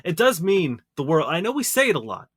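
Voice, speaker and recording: A man's voice: sits high, big pitch swings, brisk, fairly bright tone, breathy edge, no echo, studio quality. A man co-hosting a podcast, earnestly thanking listeners in a casual, chatty sign-off. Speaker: podcast co-host.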